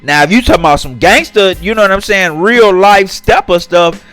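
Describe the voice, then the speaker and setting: A man's voice: high-pitched, expressive, normal speed, a bit bright. Man ranting over faint music. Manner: talks straight to viewers, reads tweets aloud and mocks them. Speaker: commentary channel host. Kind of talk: casual commentary vlog.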